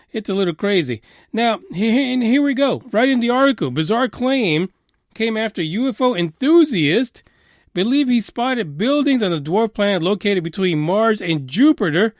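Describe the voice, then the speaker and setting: A man hosting a podcast in a profane, sarcastic rant, swinging between loud outbursts and low mutters. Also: dry recording, clean studio sound. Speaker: podcast host. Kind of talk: ranting podcast commentary.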